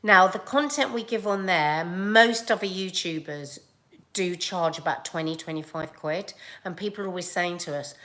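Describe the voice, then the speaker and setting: A woman's voice: on the low side, normal speed, a bit bright. A woman chatting casually to camera as a vlogger, rambling with fillers and laughs.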